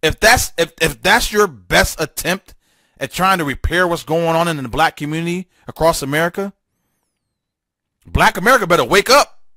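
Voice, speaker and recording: A man's voice: a little high, animated, normal speed, sharp tone, no echo, clean studio sound. Fiery, emphatic male talk host. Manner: fiery, emphatic and repetitive, with stammered restarts. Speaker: political talk show host. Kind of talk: solo talk radio monologue.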